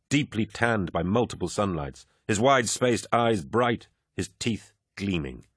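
A man narrating an audiobook in a measured, even storytelling manner. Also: lowish voice, slightly rough, dry recording, studio quality. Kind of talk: scripted narration.

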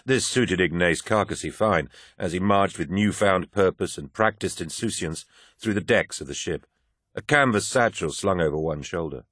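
A man reads a novel aloud in a very low voice, measured and even. The recording is dry and close, with no room sound behind it. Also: husky, dry recording. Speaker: audiobook narrator. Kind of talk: scripted audiobook narration.

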